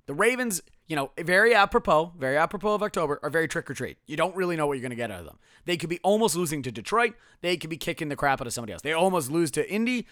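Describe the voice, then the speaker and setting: Man, podcast host, sarcastic, self-mocking, animated pitch, dry close sound. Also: dry recording. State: strained voice. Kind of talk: casual solo podcast.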